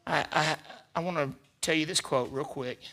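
A man preaching a sermon as pastor, repeating phrases for emphasis and swinging between loud emphatic peaks and quiet asides. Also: fairly high pitch, fairly even intonation, moderate pace. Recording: live church service.

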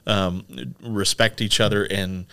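Chatty low-voiced male podcast host. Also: level tone, slow, a bit bright, clear, resonant tone. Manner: chatty, rambling with frequent fillers. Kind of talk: casual tech podcast chat. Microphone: studio microphone.

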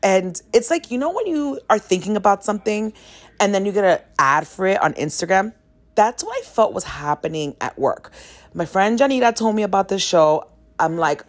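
A woman's voice: medium pitch, expressive, normal speed. A woman hosting a podcast, telling a candid, self-mocking story in a casual monologue. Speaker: podcast host.

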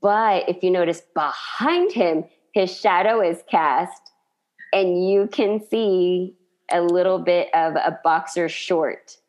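A woman's voice: fairly low pitch, slow pace, a little mellow, muffled recording. A woman in casual chat, animatedly retelling a sitcom scene and laughing often.

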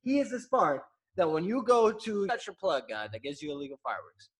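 Man, high voice, easygoing, joking, podcast host. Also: big pitch swings, fairly quick. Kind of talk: casual sports podcast chat.

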